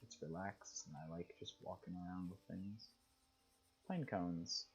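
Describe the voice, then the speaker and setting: A young man giving relaxed, casual commentary while he plays a game, musing aloud and reading on-screen text. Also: sits low, a little slow, breathy edge, rough recording. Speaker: gaming streamer.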